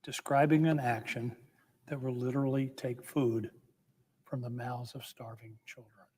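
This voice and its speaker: A man's voice: medium pitch, steady tone, unhurried, a little mellow, slightly rough. A man giving a formal, impassioned floor speech as a senator, emphatic and building with repeated phrases. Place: legislative chamber. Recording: long reverb of a large chamber.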